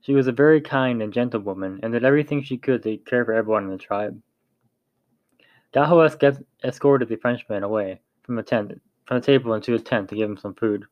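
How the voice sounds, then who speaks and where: Brief: male narrator reading a story, plain and steady, stumbles now and then, dry muffled recording. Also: mid-range voice, a little fast, no room sound. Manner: plain reading with small slips and restarts. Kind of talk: reading a novel aloud.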